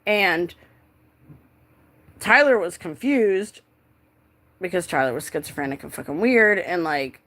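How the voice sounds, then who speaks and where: A woman's voice: on the low side, lively intonation, unhurried, long pauses, fairly bright tone. A young woman telling a personal story in a casual, rambling way, full of filler words and swearing.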